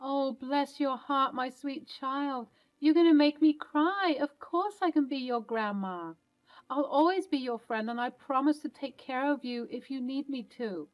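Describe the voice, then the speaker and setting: A woman's voice: sits high, lively intonation, moderate pace, muffled recording, voice pushed up. A woman playing a kind, protective older grandmother. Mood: tender. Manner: soothing, motherly reassurance.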